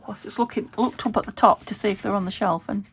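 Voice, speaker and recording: A woman's voice: medium pitch, fairly even intonation, quick pace, breathy edge. A British woman chatting casually as she crafts at her home desk, thinking aloud and laughing at herself while she works. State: recovering from a fever. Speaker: craft vlogger. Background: traffic through an open window.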